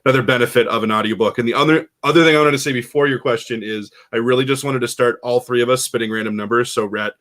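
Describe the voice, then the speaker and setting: A man's voice: mid-range voice, steady tone, fast talker, few pauses, fairly bright tone. A man co-hosting a casual panel chat, rambling and full of "you know" and "like".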